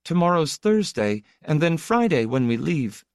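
A man's voice: fairly high pitch, sing-song, measured pace, a little mellow, no echo, clean studio sound, voice pushed up. Earnest little boy, lifted voice, keen, played by a male reader. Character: eager young boy, earnest and busy.

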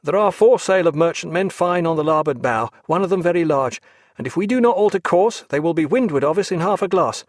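A man's voice: fairly high pitch, expressive, fairly quick, no echo, clean studio sound, pitched above the performer's own voice. A man voicing an eager, cheerful young male naval officer in an audiobook, speaking in a raised and respectful way.

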